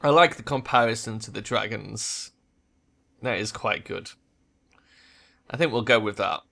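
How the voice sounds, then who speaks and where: A man's voice: fairly low pitch, unhurried, vocal fry, pushed and bright. A man narrating a game playthrough, reading the text aloud with casual, jokey asides. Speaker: let's play narrator.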